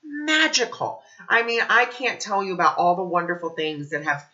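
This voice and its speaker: Man, spiritual teacher type, bright voice, earnest and animated, lo-fi sound. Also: sits high, fairly quick. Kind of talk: casual spiritual talk to camera.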